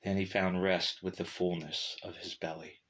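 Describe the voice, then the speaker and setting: A man narrating a short story in a measured, steady reading. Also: sits low.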